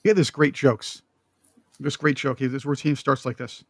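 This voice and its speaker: A man hosting a political talk show, opinionated and joking, with emphatic, animated delivery. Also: mid-range voice, normal speed, no echo, studio quality.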